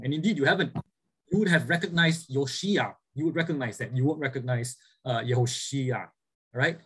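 A man's voice: on the high side, moderate pace, fairly bright tone, husky, low-quality recording. A man lecturing a class, explaining points and often checking in with "right?" as he goes. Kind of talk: classroom lecture with student questions.

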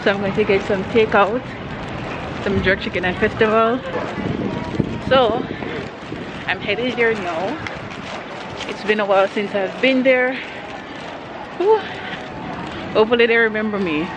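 A woman's voice: medium pitch, measured pace, pauses often, dull audio, background noise. A young adult woman chatting casually in a vlog, playful and slangy, laughing often while out shopping. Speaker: vlogger. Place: clothing shops and city streets.

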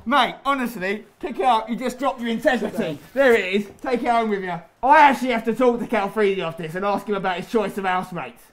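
A young man calls his own football game match, taunting and bragging as he plays. His voice sits high and keeps climbing into loud, excited shouts. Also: quick pace, hardly any pauses. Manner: excitable, boastful, shouting at big moments. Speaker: gaming YouTuber. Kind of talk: live gameplay commentary with trash talk.

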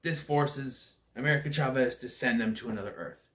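A man's voice: medium pitch, brisk, a bit bright. A man giving a casual, opinionated movie review, blunt and ranting, with swearing, loose fillers and restarts.

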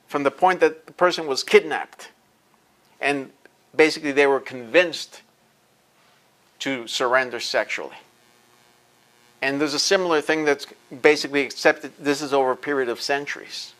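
Forceful man giving an intense lecture. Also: a little high. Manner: intense, emphatic, repeats words when heated; blunt and profane. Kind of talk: impassioned lecture.

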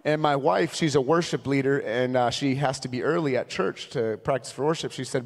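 With a fairly high voice, a slightly fast delivery and few pauses, a thirtysomething Minnesota evangelist who travels to preach delivers a sermon. His storytelling is humorous and conversational, recorded with long reverb in a large church sanctuary.

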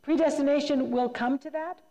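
A woman's voice: high voice, steady tone, brisk, mellow. A woman giving a retreat talk to a church group, emphatic and conversational, often repeating herself for emphasis. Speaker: retreat speaker. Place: church hall. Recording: long reverb in a hall.

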